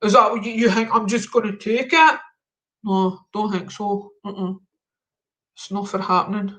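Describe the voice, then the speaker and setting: A man's voice: sits high, flat delivery, moderate pace, fairly bright tone. A man hosting a live stream, chatting casually with slangy, mock-confrontational banter. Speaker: livestream host.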